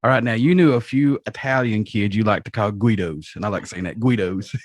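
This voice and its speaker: A man's voice: on the low side, brisk, no room sound, studio quality. A man hosting a podcast interview, enthusiastic and chatty, with short agreeing replies. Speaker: podcast host. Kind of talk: casual interview chat.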